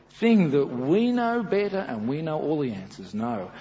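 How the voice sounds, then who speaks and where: A middle-aged man with an Australian accent preaching a sermon, animated and storytelling, often slipping into acted voices. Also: on the high side, measured pace. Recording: dull with long reverb, faint hiss.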